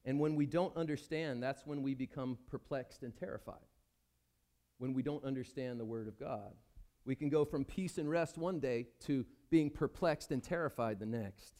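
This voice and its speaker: A man's voice: mid-range voice, normal speed, mellow. Conversational male pastor preaching. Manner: conversational preaching with questions to the congregation. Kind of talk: sermon. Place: church service before a congregation.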